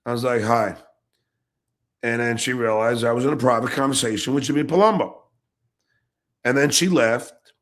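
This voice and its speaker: A middle-aged man hosting his own podcast, ranting angrily and profanely, jumping between shouts and low mutters. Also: a little fast. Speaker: podcast host. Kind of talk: angry ranting monologue.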